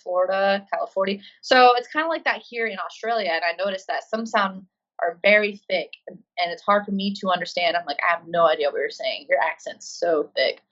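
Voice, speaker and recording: A woman's voice: mid-range voice, a little fast, fairly bright tone. Chatty woman on a dull remote line. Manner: chatty, lots of ums and likes. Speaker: guest, Marine and CrossFit coach. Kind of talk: casual interview answers. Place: living in Australia.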